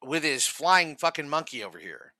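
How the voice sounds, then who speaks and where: A man's voice: on the high side, very animated, normal speed, noisy background. A man hosting reaction commentary, ranting furiously and mockingly with constant swearing. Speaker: commentary host.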